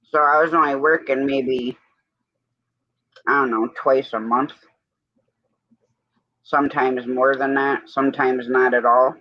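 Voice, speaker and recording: A man's voice: medium pitch, fairly even intonation, unhurried, pauses often, dry recording, dull audio. A man hosting a livestream, telling rambling stories in casual chat and quoting back and forth with "I said". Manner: rambling storyteller, quoting others with "I said". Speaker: livestream host.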